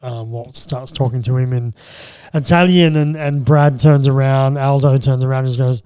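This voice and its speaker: A man co-hosting a casual film chat, relaxed and bantering. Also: medium pitch, normal speed, clean tone, dry recording. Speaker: podcast co-host.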